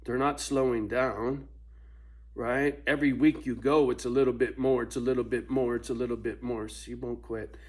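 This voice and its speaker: A man's voice: medium pitch, steady tone, moderate pace. A man ranting casually to camera at home, profane and laughing often between points. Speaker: vlogger. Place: at home with his dog.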